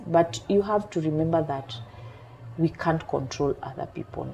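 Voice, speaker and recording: A woman coach on a talk show, calmly explaining her point through everyday examples. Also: low voice. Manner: calm, measured explaining with examples. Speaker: emotional intelligence coach.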